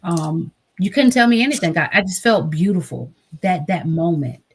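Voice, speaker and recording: Husky low-voiced woman telling her story. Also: lively intonation, moderate pace. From United States. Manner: earnest, acts out quoted voices. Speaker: guest, trauma advocate. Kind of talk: emotional personal storytelling.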